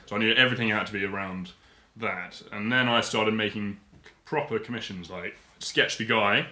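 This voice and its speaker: A man's voice: fairly low pitch, normal speed, echoey room. A man, telling stories as a podcast guest and acting out the voices of people he quotes. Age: 20s. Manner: lively storyteller who acts out quoted voices. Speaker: guest artist. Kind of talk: casual podcast storytelling.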